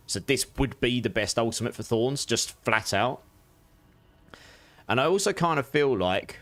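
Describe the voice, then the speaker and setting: A young man streaming a game live, chatting casually with viewers while his voice is going a bit hoarse. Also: fairly low pitch. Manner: relaxed, chatty, greets viewers warmly, laughs often. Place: home room at his gaming setup.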